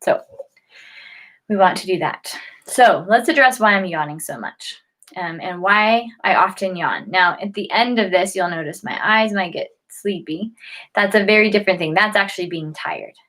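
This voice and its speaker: A woman's voice: medium pitch, expressive, normal speed, a bit bright, low-quality recording. A woman giving a casual health lesson to a camera, chatty, with many fillers and restarts, and yawning often as she talks. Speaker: health educator.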